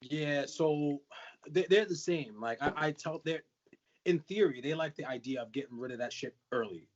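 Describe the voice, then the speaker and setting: A man co-hosting a casual podcast, telling a rapid anecdote and acting out both sides of a conversation. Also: fairly high pitch, dull audio. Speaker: podcast co-host, parent.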